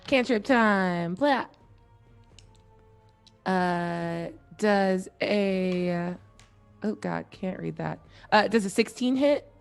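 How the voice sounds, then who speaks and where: A woman's voice: fairly low pitch, slow, vocal fry, darkish tone, clean tone, soft background music. A woman playing a tabletop game, calling out her attacks and rolls in an upbeat, playful way. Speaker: player.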